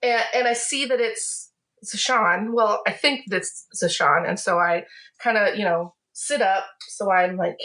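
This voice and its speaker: A woman's voice: mid-range voice, a little slow, fairly bright tone. A woman playing a tabletop role-playing game, telling her turn in a giggly, rambling way full of fillers. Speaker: player. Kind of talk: casual tabletop role-play.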